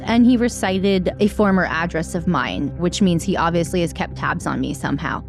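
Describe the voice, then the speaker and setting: A woman's voice: on the low side, moderate pace, few pauses, faint music behind. Earnest woman telling her own story. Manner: earnest, emphatic, candid. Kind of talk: personal testimony storytelling.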